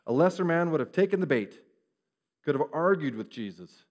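A man's voice: fairly high pitch, expressive, moderate pace, lo-fi sound. Man preaching with rhetorical questions. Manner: asks the listeners rhetorical questions; swings between hushed and raised delivery. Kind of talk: sermon.

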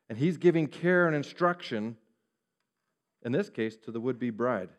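A man preaching a sermon, animated and acting out the voices of the people he quotes. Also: mid-range voice, measured pace, pauses often, highs cut off. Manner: animated, acts out quoted speech. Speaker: pastor. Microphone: referring to a screen, preaching to a congregation.

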